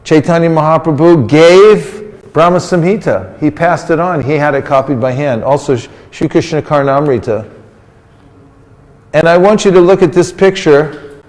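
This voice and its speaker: A man's voice: a little high, moderate pace, darkish tone. A man giving an interactive sermon to a group, coaxing the audience into call-and-response answers in a playful, teasing way. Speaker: religious teacher. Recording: long reverb of a large hall.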